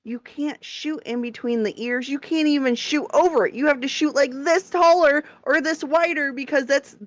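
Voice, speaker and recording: A woman co-hosting a podcast, telling a story in an animated way, swearing and laughing as she goes. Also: sits high, moderate pace, dry recording. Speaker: podcast co-host. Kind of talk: casual chat. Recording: dull lo-fi dry sound.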